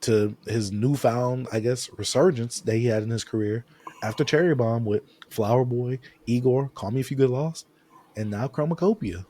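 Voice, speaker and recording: Animated man co-hosting a hip-hop podcast. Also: medium pitch, normal speed. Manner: animated, acts out quotes when telling stories. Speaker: podcast co-host. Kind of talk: casual chat.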